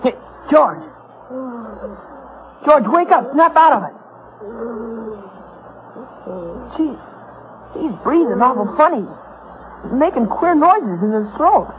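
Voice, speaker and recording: A bossy schoolboy bully. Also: female voice, high voice, very animated, a crowd in the background. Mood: worried. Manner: bossy, mocking, quick to give orders. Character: brash scheming schoolboy ringleader. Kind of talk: 1940s radio acting. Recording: muffled old radio broadcast.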